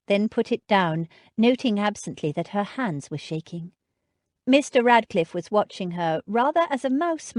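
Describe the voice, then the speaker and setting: A woman narrating an audiobook in an expressive storytelling manner. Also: medium pitch, dry recording, studio quality. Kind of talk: scripted narration. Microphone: close studio mic.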